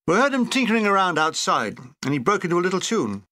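Brief: older male author-narrator, bright lively voice, dry comic timing, close dry recording. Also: sits high, fast, hardly any pauses, dry recording. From Britain. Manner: comic, dry, animated delivery. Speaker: author reading his own memoir. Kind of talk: audiobook narration with character voices.

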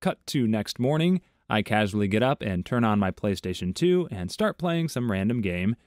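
A man reading online stories aloud in a measured, even tone, adding his own commentary between them. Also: on the low side, no echo, clean studio sound. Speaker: story narrator.

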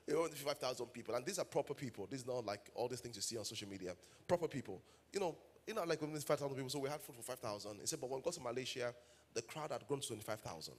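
A man's voice: mid-range voice, lively intonation, very fast. A man with a Nigerian English accent preaching a sermon as pastor, telling stories and building to emphatic calls to the congregation.

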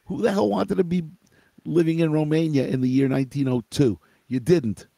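A man's voice: a little high, moderate pace, gravelly, mellow, no room sound. A middle-aged man hosting a live show, telling a family story in a conversational way and asking his listeners questions. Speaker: host.

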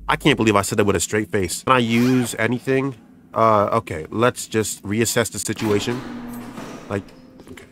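A man's voice: fairly low pitch, a bit bright. A young man doing let's play commentary as a gaming YouTuber, cursing, stammering and joking as he reacts. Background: game music.

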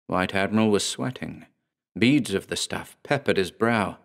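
A man narrating a horror story in a measured, dramatic storytelling manner. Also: deep voice, creaky.

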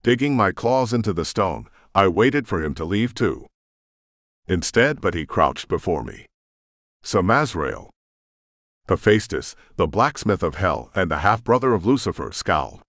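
Male audiobook narrator, deep and expressive, dark brooding read, dry close mic. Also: moderate pace, no room sound. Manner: dramatic, brooding. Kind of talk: first-person audiobook narration.

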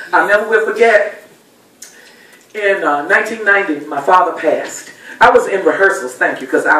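A middle-aged woman giving a personal speech at a dinner event, an animated, folksy storyteller. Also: on the low side, moderate pace. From Texas. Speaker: guest speaker at a dinner event. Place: banquet hall. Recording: echoey hall, voice from far off.

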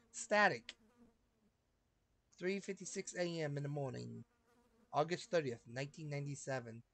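A man giving joking, slangy commentary over a game, laughing often and swinging between loud outbursts and mutters. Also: a little high, normal speed, creaky. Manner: goofy, slangy, laughs a lot, jumps loud and quiet. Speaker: gaming streamer.

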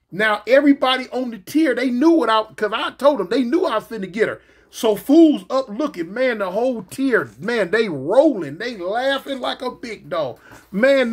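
A man casually telling a story from his past, slangy and animated, jumping in pitch and making sound effects as he goes. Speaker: storyteller recounting his prison days.

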